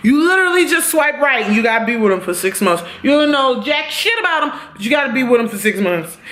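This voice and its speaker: Young woman ranting about tv episodes, kinda high voice, curses a lot, jumps from yelling to fast little asides. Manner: animated, profane, swings between loud outbursts and quick asides. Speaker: TV review vlogger. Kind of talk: casual spoken TV review.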